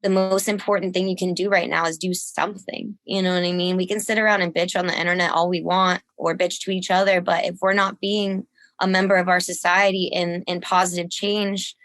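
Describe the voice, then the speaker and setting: A woman's voice: a little fast, no room sound. A woman guest, a musician, telling a story in a casual podcast chat, laughing often and acting out what people said. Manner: animated, laughs often, acts out quotes in a higher voice.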